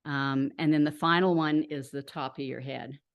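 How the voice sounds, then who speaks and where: A woman teaching a meditation practice in a relaxed, chatty way, with fillers and light laughs, over a video call. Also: low voice, normal speed, muffled recording. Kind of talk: casual instructional talk guiding a group practice.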